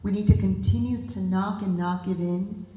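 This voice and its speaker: A woman's voice: mid-range voice, steady tone, moderate pace, warm tone, reverberant, dull audio. A woman giving an earnest, emphatic talk to a group of parents, speaking directly to the audience. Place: meeting room with audience.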